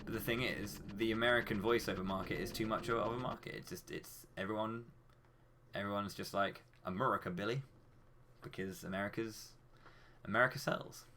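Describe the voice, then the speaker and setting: A man's voice: lowish voice, fairly even intonation, a little fast, sharp tone, a little hiss or hum. A British man ranting passionately in casual live-stream commentary, swearing freely as he talks. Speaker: speedrunner and streamer.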